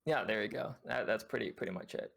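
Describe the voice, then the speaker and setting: Gravelly male game coach explaining. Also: lowish voice, fast talker, a bit bright. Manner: patient, explanatory, many fillers. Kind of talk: reviewing gameplay with a student on stream.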